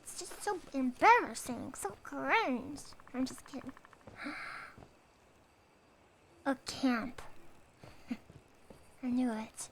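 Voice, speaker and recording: A woman's voice: high-pitched, expressive, extremely slow, pauses often, fairly bright tone, slight background noise. A young woman streaming a game, chatting playfully and giggling between remarks. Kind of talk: casual gameplay commentary.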